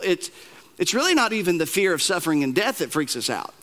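A man's voice: high-pitched, big pitch swings, fast talker, a bit bright. A man preaching a sermon as pastor, telling stories with self-deprecating humor and often repeating words as he starts a sentence.

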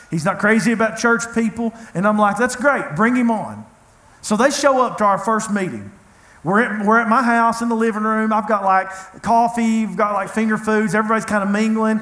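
A man's voice: high voice, a bit bright. A man preaching a sermon, telling a personal story in an earnest, conversational way. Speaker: pastor. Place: church hall. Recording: echoey church room.

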